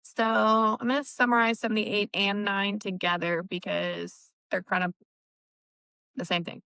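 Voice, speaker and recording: A woman's voice: medium pitch, little pitch movement, measured pace, vocal fry, pushed and bright, clean tone, no room sound, poor audio. A woman co-hosting a casual book discussion, recapping chapters in a chatty way with laughs and fillers. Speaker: book podcast co-host.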